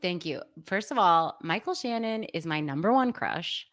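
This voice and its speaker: A woman's voice: lowish voice, lively intonation, normal speed, a bit bright. A woman co-hosting a pop culture podcast in casual chat, rambling through her thoughts and laughing often. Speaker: podcast co-host.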